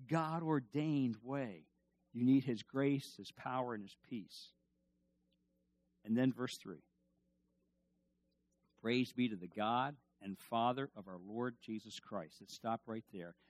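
A middle-aged man preaching a sermon as pastor, building to emphatic bursts and asking the congregation to repeat after him. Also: medium pitch. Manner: preaching with rising emphatic bursts and call-and-response.

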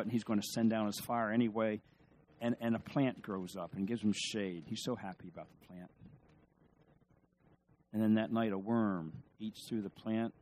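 Pastor preaching, hushed to emphatic. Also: male voice, on the low side, a little hiss or hum. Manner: storytelling, swings from hushed to emphatic, asks the audience questions. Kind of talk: sermon.

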